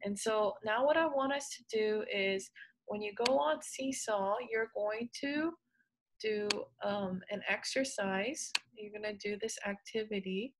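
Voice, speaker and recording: A woman's voice: medium pitch, a little slow, noisy background. A woman teacher talking children through a story, asking questions and explaining the next activity with plenty of "um" and "okay". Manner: questioning, encouraging, with fillers. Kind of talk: online lesson for children.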